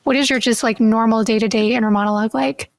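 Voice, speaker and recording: A woman co-hosting a podcast in a casual chat, curious and quick to laugh. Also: on the high side, steady tone, creaky, dry recording. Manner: curious, laughs easily, asks questions. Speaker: podcast co-host.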